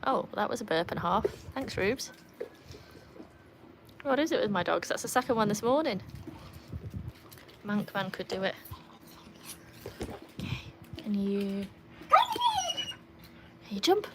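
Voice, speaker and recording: A woman chatting casually on a livestream from beside a backyard pool, breaking into a high sing-song voice to praise her dog. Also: expressive, moderate pace, long pauses, background noise. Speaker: livestream host and dog owner. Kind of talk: casual live chat. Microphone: phone.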